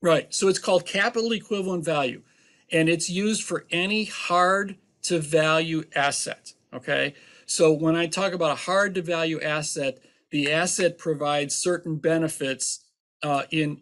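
A man's voice: a little high, fairly even intonation, moderate pace, a bit bright. A man who is an accountant and author, answering interview questions with emphatic, teasing explanations and everyday examples.

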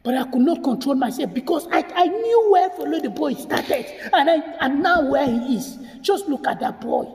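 A man's voice: very high-pitched, warm tone, echoey room, in a large hall. A man talking to his viewers in an emotional video commentary, tearful and repeating himself as he appeals to them. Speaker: vlogger.

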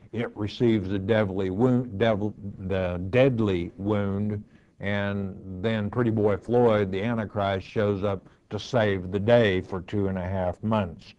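A male pastor answering listener questions in a slow, measured, firm and matter-of-fact way, teaching from the bible. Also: on the low side, a little mellow, highs cut off.

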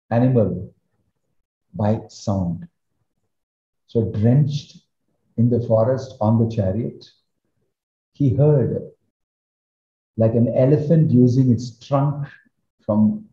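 Dark-voiced man telling a sacred story. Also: medium pitch. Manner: animated retelling with emphatic rises. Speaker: spiritual teacher. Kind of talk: storytelling discourse. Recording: roomy, slightly dull recording.

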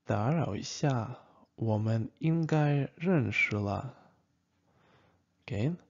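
Male teacher, very slow and halting delivery, gravelly husky voice, dull lo-fi sound; checks in with "okay?" often. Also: mid-range voice, expressive. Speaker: language teacher. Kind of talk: casual spoken lesson. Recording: dull lo-fi recording.

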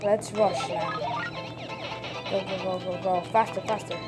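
A woman chatting casually through a video game playthrough, breaking into excited shouts and laughs at close calls. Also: medium pitch, a little slow. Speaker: gameplay commentator. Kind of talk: casual let's-play commentary. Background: video game music.

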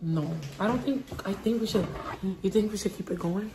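A woman's voice: mid-range voice, normal speed, noisy background. A young woman co-hosting a prank vlog, teasing and laughing through casual banter. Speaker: vlog co-host.

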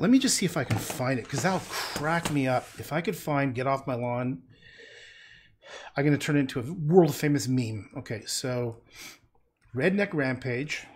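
Guy rambling to himself while painting on stream, faint background noise. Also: mid-range voice. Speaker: livestreaming painter. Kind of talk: casual livestream chat while painting.

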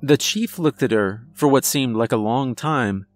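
A man narrating a scripted first-person horror story in a slow, steady storytelling manner. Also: mid-range voice, faint music behind.

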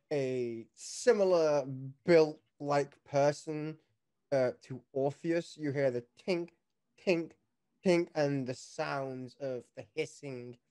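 A game master describes scenes in a tabletop game, drawling through the narration with plenty of fillers. The speech is slow and the pitch sits in the middle range. It sounds like a home microphone on a video call. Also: warm tone.

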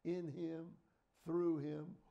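A middle-aged male preacher, delivering a fervent sermon that swings between loud exhortation and quiet storytelling. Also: on the high side, flat delivery, drawn-out words, gravelly, highs cut off. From United States.

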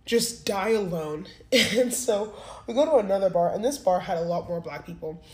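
A woman's voice: mid-range voice, animated, fairly quick, darkish tone. Woman, twenties, casual candid vlog storytelling, rambling delivery, echoey room. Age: 20s. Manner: candid, rambling, heavy use of "like". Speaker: vlogger. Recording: roomy echo.

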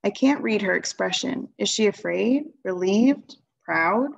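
Woman reader, children's novel, gravelly low edge, muffled lo-fi recording. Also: animated, unhurried. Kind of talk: reading a children's novel aloud.

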